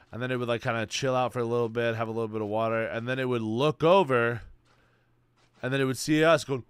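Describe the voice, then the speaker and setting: A young man streaming, chatting casually in a rambling, slang-heavy, excitable way. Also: mid-range voice, fast, clear, resonant tone, no room sound. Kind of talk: casual chat.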